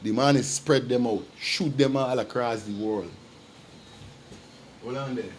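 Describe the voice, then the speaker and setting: A man's voice: medium pitch, measured pace, slight background noise. A man hosting a livestream. He talks straight to his viewers in a casual, emphatic way and repeats his points. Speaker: livestream host. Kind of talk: casual commentary.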